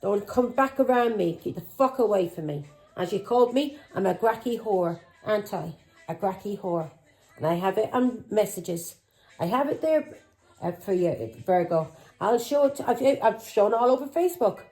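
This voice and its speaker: A woman's voice: medium pitch, animated, normal speed, a little mellow, soft background music, rough recording. A middle-aged woman, a tarot reader who talks in an angry, accusing way, swearing and firing taunting questions. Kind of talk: tarot reading vlog.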